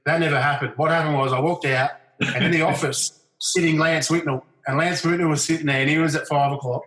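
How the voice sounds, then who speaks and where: A man's voice: fairly high pitch, brisk. A middle-aged Australian man telling stories in casual chat, acting out other people's lines in livelier raised voices. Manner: animated anecdotes, acting out quotes in raised voices. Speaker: podcast guest. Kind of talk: casual storytelling. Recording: roomy echo.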